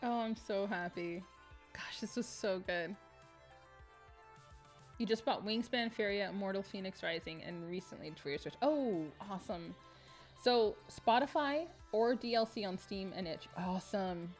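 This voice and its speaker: A woman streaming a game live, chatting with viewers in a bubbly, excitable way and laughing often. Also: medium pitch, unhurried, soft background music.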